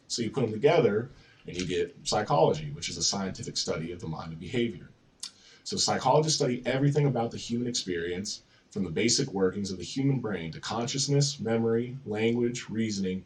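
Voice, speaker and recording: A young man teaching an intro psychology course from slides, relaxed and casual, with plenty of ums and you-knows. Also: low voice, distant mic. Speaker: psychology lecturer.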